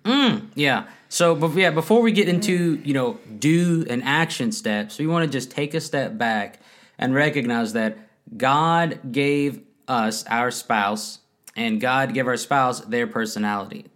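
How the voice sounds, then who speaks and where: A man in his thirties co-hosting a casual faith-based marriage talk at home, animated and laughing often as he acts out quotes. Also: mid-range voice, unhurried. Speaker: podcast co-host. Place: home room, kids nearby.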